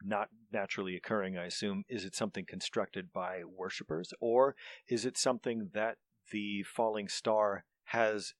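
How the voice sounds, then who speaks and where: A man playing in a tabletop game, asking measured, inquisitive questions. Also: fairly low pitch, little pitch movement. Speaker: player. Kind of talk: casual tabletop game play.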